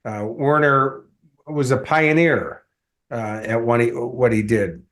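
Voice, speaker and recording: A middle-aged man, a motivational coach, telling stories in a relaxed interview and acting out the voices of people he quotes. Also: mid-range voice, slow pace. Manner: animated storyteller acting out quotes. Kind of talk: conversational storytelling interview.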